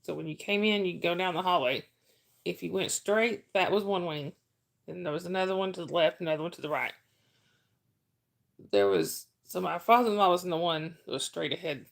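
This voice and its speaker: A woman's voice: on the low side, fairly quick, vocal fry. A middle-aged woman hosting a casual livestream, telling rambling stories and reading chat names aloud.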